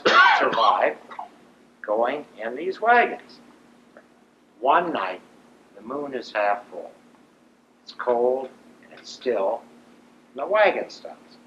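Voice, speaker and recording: Animated older man telling war stories. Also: mid-range voice, slight background noise. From Ohio, USA. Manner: animated, vivid storyteller. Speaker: veteran speaker. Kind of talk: storytelling talk. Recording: roomy dull lo-fi recording.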